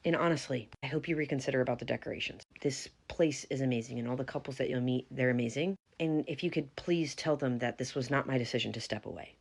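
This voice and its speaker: A woman's voice: very deep voice, fast talker, vocal fry, hardly any pauses, slightly rough. A young woman narrating her own story and acting herself out, earnest, polite but firm. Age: young adult.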